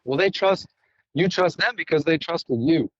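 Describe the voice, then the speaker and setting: A man's voice: on the high side, normal speed, no echo, muffled recording. A man hosting a podcast in casual conversation, telling stories and acting out the dialogue of others. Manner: storytelling, acts out quoted dialogue. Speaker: podcast host.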